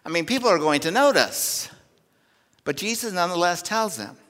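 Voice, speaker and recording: A man delivers a sermon from the pulpit, his voice bright and a little higher than most. He swells loud to drive a point home and then falls quiet. The long reverb of the church sanctuary trails each phrase. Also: animated, moderate pace. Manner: earnest preaching, swells loud for emphasis then drops soft. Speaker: pastor.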